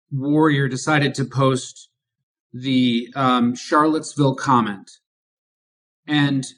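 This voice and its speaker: A man's voice: fairly high pitch, a bit bright. Emphatic male political podcast host. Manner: emphatic, rhetorical questions. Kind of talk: political commentary.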